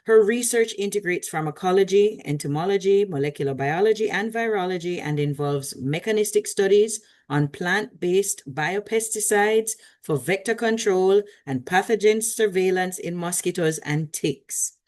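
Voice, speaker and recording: A woman's voice: fairly low pitch, moderate pace, hardly any pauses, darkish tone. A woman moderating an online session, chatty and joking between formally read speaker introductions, heard over a video call.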